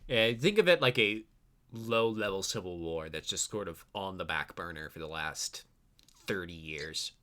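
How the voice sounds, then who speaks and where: A man's voice: low voice, lively intonation, normal speed, pushed and bright. A man narrating as game master of a tabletop role-play game, casual and full of "you know" fillers.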